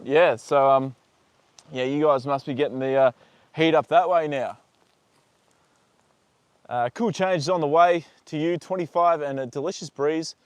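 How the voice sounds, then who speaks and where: Australian male livestream host, mid-pitched, relaxed chatty banter, dry close sound, outdoor paddock. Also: no room sound. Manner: chatty, reads out viewer comments, talks fondly to horses, swears casually. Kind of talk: casual livestream chat.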